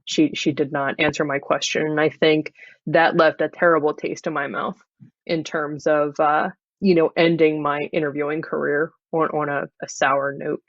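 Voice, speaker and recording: A performer stays in character for an improvised interview, talking flat and deadpan at a middle pitch. The video call audio is dull and lo-fi, with a dry sound and no room echo. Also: normal speed. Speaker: improv comedy guest.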